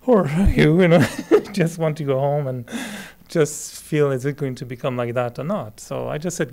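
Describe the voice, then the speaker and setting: A man with a French Canadian accent, a native French speaker, teaching meditation in a relaxed, chatty way, laughing often and restarting sentences. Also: a little high, moderate pace, creaky, few pauses. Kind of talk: relaxed spoken talk to a group.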